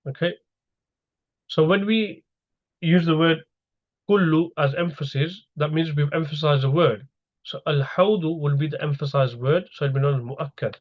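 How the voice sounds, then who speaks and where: A man's voice: a little high, moderate pace, highs cut off. A man teaching an online grammar lesson over slides, explaining step by step and asking his students questions.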